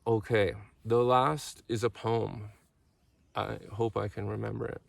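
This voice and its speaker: Slow, gravelly man in his thirties. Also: lowish voice, level tone, no echo, far from the mic. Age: 30s. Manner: halting, musing, self-deprecating. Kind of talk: reflective talk with parables.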